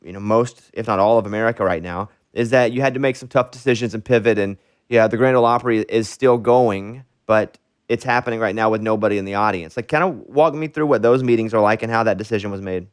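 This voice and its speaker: A man's voice: lowish voice, quick pace, smooth, no room sound, studio quality. A man hosting a podcast interview in a joking, teasing way. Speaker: podcast host. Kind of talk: casual interview chat.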